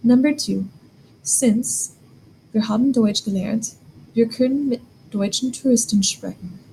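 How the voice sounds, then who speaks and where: A woman's voice: a little high, measured pace, creaky, mellow, slight background noise, poor audio. A woman teaching a German grammar lesson, explaining step by step and asking the learner questions.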